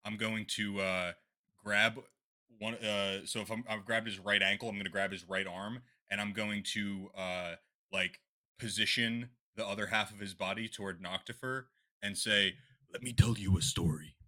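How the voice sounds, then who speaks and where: A man's voice: on the low side, fairly even intonation, moderate pace, sharp tone. A man playing in a tabletop game, describing his actions crudely and with gusto. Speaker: player. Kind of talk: tabletop game play, casual.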